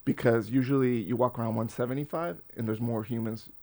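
Profane, animated man in his forties. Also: mid-range voice, a little fast. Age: 40s. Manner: animated, profane, acts out voices in his stories. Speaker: podcast guest. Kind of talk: casual storytelling.

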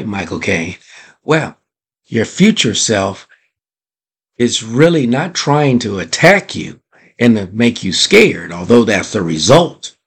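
A male podcast host with a low, gravelly voice talks at an unhurried pace, stretching his words out. He speaks in a motivational monologue and keeps asking his listeners rhetorical questions. His tone is a little husky. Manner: drawn-out, deliberate delivery.

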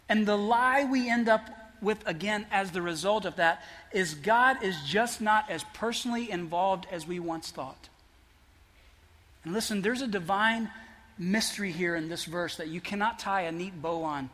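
A man preaching a sermon as pastor, earnest, building to emphatic peaks and then dropping soft. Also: high-pitched, measured pace. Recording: long hall reverb.

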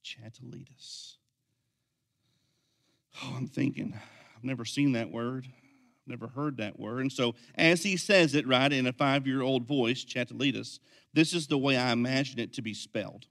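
A man preaching a sermon as pastor, swinging from quiet, intense lines to loud, energetic ones. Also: medium pitch, moderate pace.

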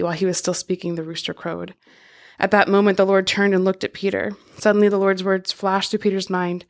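Flat, steady woman reading scripture. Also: medium pitch. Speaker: podcast co-host reading scripture.

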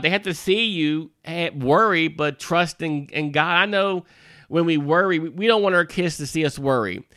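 A male minister with a bright, smooth, somewhat high voice gives a folksy devotional talk to parents. He speaks conversationally, often adding asides and restarting his sentences. The recording is dry and close. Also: no room sound. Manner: conversational, with frequent "you know" asides and restarts.

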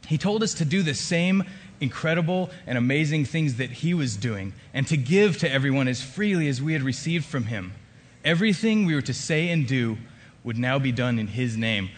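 Expressive male storyteller, echoing hall. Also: fairly high pitch. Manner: expressive, emphatic storytelling with wry asides. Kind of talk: dramatic first-person monologue. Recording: long hall reverb.

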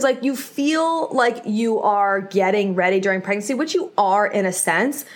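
A young woman talks through her solo podcast in a loose, candid way. She fills her sentences with "like" and restarts, and she turns to her listeners to reassure them. Her pitch sits in an ordinary middle range. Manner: chatty, candid, many "like" fillers; addresses listeners directly, reassuring. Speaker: podcast host. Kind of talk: casual solo podcast talk.

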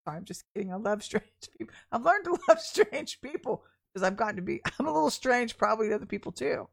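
A woman who works as a deliverance minister preaches a candid, chatty sermon built around a personal story, laughing often. Her fairly high voice is expressive, brisk, and creaky.

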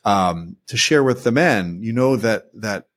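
A man's voice: lowish voice, expressive, a little slow, fairly bright tone. A man hosting an interview, talking enthusiastically and telling stories in long rambling sentences. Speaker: podcast host, former seminary teacher. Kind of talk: interview talk.

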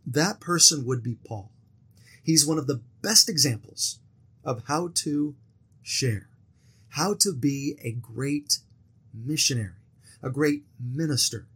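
A man's voice: on the high side, a bit bright, breathy edge. A man teaching a scripture lesson in an earnest, storytelling manner, with acted quotes and personal anecdotes. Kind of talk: lesson presentation.

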